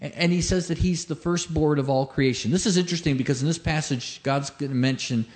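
A man's voice: on the high side, fairly quick, darkish tone. A male pastor preaching a sermon, emphatic, stacking repeated phrases and rhetorical questions, and telling a joke as a story.

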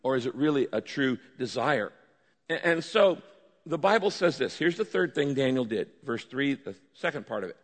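A man preaching a sermon as a pastor, animated, acting out pleading prayers with his voice rising. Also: medium pitch, normal speed. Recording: long reverb of a large hall.

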